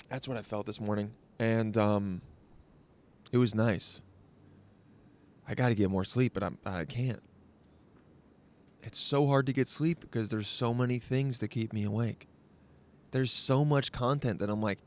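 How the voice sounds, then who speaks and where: A man's voice: medium pitch, a little mellow. A man hosting his own show, talking outdoors in a rambling, jokey, self-interrupting monologue. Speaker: podcast host. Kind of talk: casual vlog monologue.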